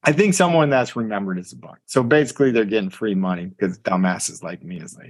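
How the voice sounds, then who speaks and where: A man with a somewhat low voice chats casually as a podcast co-host. He rambles, piling on fillers and restarting his sentences. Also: fast. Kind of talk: casual sports chat.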